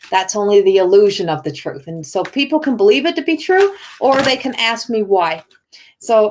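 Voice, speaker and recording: Halting, earnest woman on a live stream. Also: medium pitch, darkish tone. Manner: halting, with frequent restarts and repeated words; earnest and encouraging, addressing viewers by name. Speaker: spiritual coach and oracle card reader. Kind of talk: casual live-stream chat to viewers.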